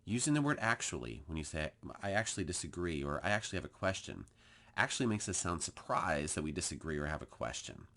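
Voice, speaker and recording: Male trainer, low voice, swooping animated delivery, acts out sample phrases, teaching tone. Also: quick pace. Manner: lively, emphatic delivery that acts out example phrases. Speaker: workplace communication trainer. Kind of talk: recorded training talk.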